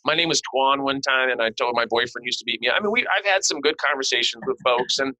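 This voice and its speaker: Rapid-fire, bright-voiced male podcast host. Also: medium pitch, no room sound, low-quality recording. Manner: joking, playful storyteller. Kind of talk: casual interview chat.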